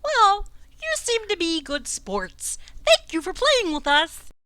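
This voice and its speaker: A woman voicing a pompous, warbly frog-man king who talks slowly and grandly. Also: very animated, bright, forceful tone, dry recording, exaggerated voice. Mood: chummy. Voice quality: warbly, slow. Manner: grandiose, booming proclamations.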